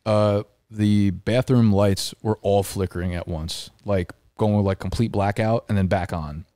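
A man's voice: on the low side, steady tone, measured pace, mellow, no room sound. A young man co-hosting a podcast, telling an exasperated, rambling story and swearing freely in a casual chat. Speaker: podcast co-host. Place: apartment room. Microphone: studio mic.

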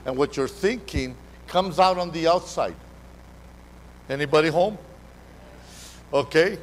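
A man preaching a sermon as pastor, animated, calling out to the congregation and repeating his words. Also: on the high side, a little slow, a little hiss or hum, poor audio. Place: church hall during a live service.

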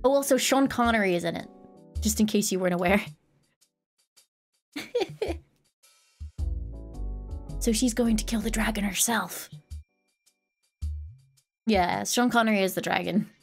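A woman's voice: mid-range voice, unhurried, pauses often, faint music behind. A woman streamer in casual chat, rambling and giggling as she retells a movie scene.

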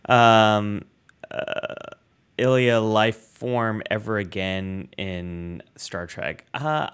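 A man co-hosts a casual livestream, reading viewer comments aloud with an upbeat delivery. His pitch swings widely up and down. The sound is that of a home video call setup. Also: fairly bright tone. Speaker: co-host.

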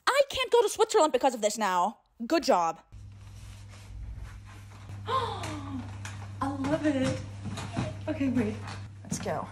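A woman's voice: high voice, big pitch swings, takes it slowly, long pauses, slight background noise. A young woman chatting in a casual vlog, gushing about books and shopping in a chatty, enthusiastic way. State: out of breath. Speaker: book vlogger.

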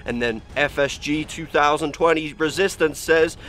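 A man's voice: fairly high pitch, moderate pace, a bit bright, slight background noise. A man hosting his own YouTube channel, reading out comments in a hyped, dramatic way. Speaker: YouTube host. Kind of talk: energetic vlog narration.

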